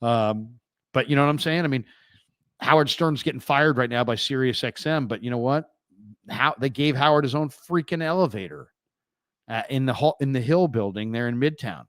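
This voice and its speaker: A man's voice: medium pitch, normal speed, no room sound. A man hosting a sports talk show, chatting in a wry, offhand way and laughing at his own stories. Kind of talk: casual sports talk monologue.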